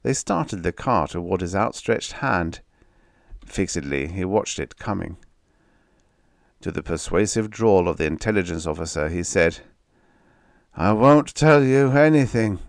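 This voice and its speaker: A man with a very deep voice reads a science fiction story aloud in a steady, measured way. The recording is close and dry, with no room sound. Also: vocal fry, no room sound. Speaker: narrator. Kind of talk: scripted audiobook narration.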